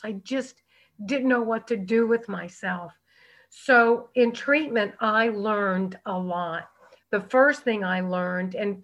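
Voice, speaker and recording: A woman's voice: mid-range voice, a bit bright. A middle-aged American woman giving a heartfelt, candid personal testimony to a meeting, with fillers and restarts. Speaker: recovery speaker.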